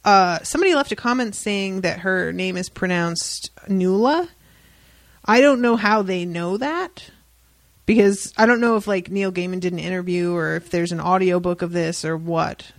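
Gravelly-voiced woman retelling a story. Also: on the low side, moderate pace, dry recording. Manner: animated retelling, dry asides, swears freely. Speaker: podcast host. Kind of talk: casual book discussion.

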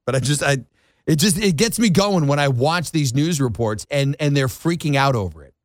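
A man's voice: fairly high pitch, animated, moderate pace, dry recording, clean studio sound. A man who grew up in New England, hosting a talk show and ranting in an exasperated, mocking way. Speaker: radio show host. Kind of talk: opinionated monologue. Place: Florida.

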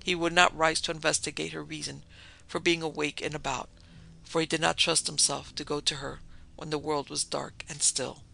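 A man narrating a dark story in a measured, dramatic way. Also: a little high, flat delivery, vocal fry, slight background noise, poor audio.

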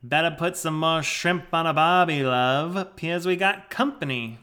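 A man putting on a loud, jokey Aussie bloke. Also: on the high side, measured pace, clear, resonant tone, pitched above the performer's own voice. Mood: cheerful. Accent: put-on Australian. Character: gruff Aussie man at his backyard barbecue.

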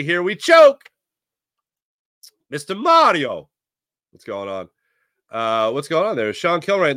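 A man hosting a sports talk stream, casually reading out viewer comments with sarcastic, animated asides. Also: a little high, no echo, studio quality. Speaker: sports talk show host.

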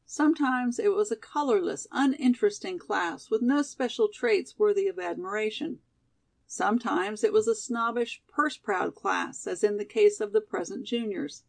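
A woman reading a classic novel aloud in steady, measured narration. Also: mid-range voice, vocal fry. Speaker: audiobook reader.

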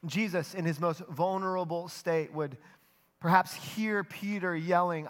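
Young adult male pastor, earnest sermon delivery, fairly high voice, soft dramatic drops. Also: steady tone, a little slow.

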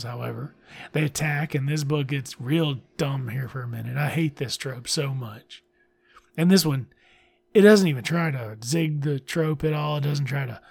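Gravelly, husky man ranting sarcastically. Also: a little high. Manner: sarcastic, blunt, swears freely. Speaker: book reviewer. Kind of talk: casual commentary.

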